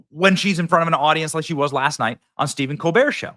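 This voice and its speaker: A man's voice: fairly high pitch, fast, hardly any pauses, a bit bright. A man hosting a political commentary show, talking in a mocking, punchy, sarcastic way.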